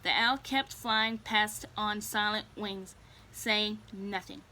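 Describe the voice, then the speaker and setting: A woman reading a children's storybook aloud in a gentle, unhurried way. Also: mid-range voice.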